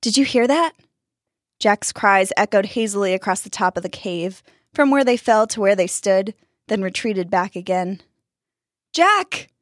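A woman reading a spooky children's story aloud, measured and expressive. Her voice sits in a middle pitch, and the recording is close and dry. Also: no echo. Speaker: narrator. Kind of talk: storybook narration.

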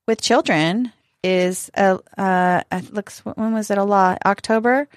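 A woman's voice: medium pitch, measured pace, no echo, studio quality. A middle-aged woman co-hosting a casual chat show, enthusiastic and prone to repeating herself. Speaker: podcast co-host.

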